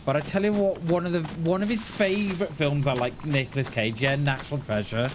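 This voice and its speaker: A man's voice: on the high side, steady tone, fairly quick, noisy background. A man chatting casually while live streaming a game, laughing often and calling his viewers mate. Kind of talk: live gameplay stream chat.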